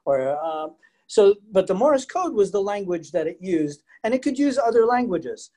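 A man presenting a live virtual lecture for a museum program, chatty and animated, asking his audience questions and telling stories, heard through a computer mic on a video call. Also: high voice, normal speed.

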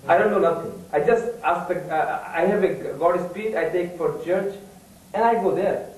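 A man giving a personal faith testimony in halting, repetitive broken English, pushing out emphatic bursts. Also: high-pitched, darkish tone. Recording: echoey room from a distant mic with faint noise.

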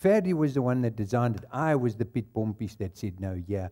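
A man's voice: mid-range voice, sing-song, a little fast, warm tone. A male pastor with a South African accent preaching a sermon in a church, telling stories and laughing at his own anecdotes. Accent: South African English.

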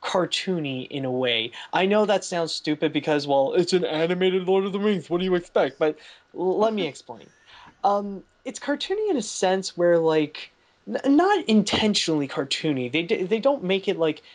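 A man's voice: high-pitched, lively intonation, moderate pace. A man hosting a podcast, chatting casually about a film and rambling with lots of "like" fillers and restarts. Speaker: podcast host. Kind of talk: casual movie review chat.

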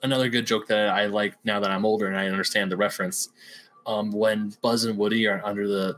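A young man with a fairly low voice, chatting casually as a podcast co-host. He retells favorite scenes animatedly and slips into playful voices for quoted lines. A faint background hum runs under his talk. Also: little pitch movement, brisk, fairly bright tone. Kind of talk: casual chat.

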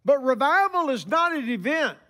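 A man in his sixties preaching a sermon, telling stories with emphatic pauses. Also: very high voice, sing-song, bright, forceful tone.

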